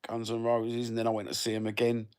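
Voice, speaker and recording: A man's voice: medium pitch, completely flat delivery, quick pace, a little mellow, clean tone. A man, chatting casually with viewers in a rambling, sweary, blokey way. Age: 50s. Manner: sweary, blokey banter with lots of fillers. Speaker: livestreamer reading viewer comments.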